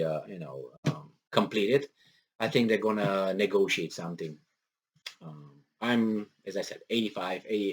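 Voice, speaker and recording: Guy reading news and snarking on it, lots of uh and restarts, mocking tone. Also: on the low side. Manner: sarcastic, mocking asides and put-on impressions; rambling with many fillers and restarts. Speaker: political commentary vlogger. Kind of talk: casual monologue reading and commenting on news.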